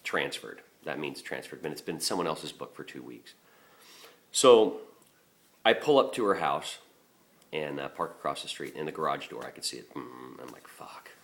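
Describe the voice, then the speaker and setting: A man's voice: extremely low pitch, animated, normal speed, fairly bright tone, a little hiss or hum. A middle-aged man working as a garbage collector, telling a story casually in a rambling, profane way with many fillers and restarts.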